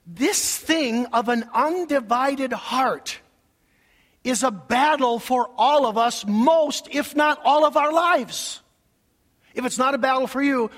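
A man preaching a sermon as pastor, dropping to hushed near-whispers and rising to shouts, sometimes singing lines of a hymn. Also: very high-pitched. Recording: long hall reverb.

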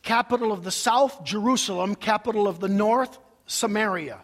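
A man preaching a sermon as pastor, dropping to hushed near-whispers and rising to shouts, sometimes singing lines of a hymn. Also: high-pitched, moderate pace. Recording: long hall reverb.

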